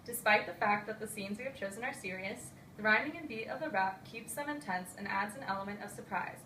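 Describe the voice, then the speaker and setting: A woman's voice: mid-range voice, fairly quick, bright, forceful tone. A young woman student reads her project introduction and adds casual asides. The room sounds roomy. The mic sits at a distance, with a faint hiss. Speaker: student presenter. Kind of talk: reading a class presentation.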